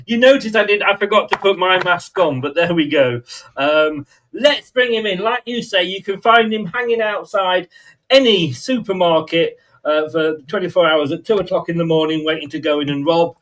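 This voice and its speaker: A man's voice: sits high, moderate pace, a bit bright, rough recording. A man hosting a fan channel talk show, joking and rambling with frequent laughs. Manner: jokey, rambling, laughs often. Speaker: podcast host. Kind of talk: casual chat.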